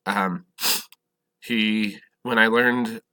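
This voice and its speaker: Male history teacher, lecture, low-pitched, slow and halting, bright tone. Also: fairly even intonation, smooth. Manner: halting, self-correcting, asks questions of the class. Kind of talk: classroom lecture.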